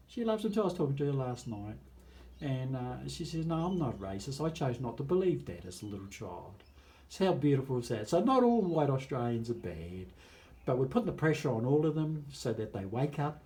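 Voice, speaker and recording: A man with a New Zealand accent making an impassioned appeal to viewers, stretching out key phrases and swinging between loud stresses and hushed asides. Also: medium pitch. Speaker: campaigner addressing viewers.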